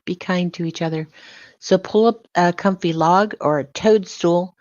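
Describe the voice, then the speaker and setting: A woman's voice: lowish voice, measured pace, darkish tone, dry recording. An older woman hosting a livestream, greeting viewers one by one and calling them sweetheart and baby. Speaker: livestream host. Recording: dull lo-fi sound.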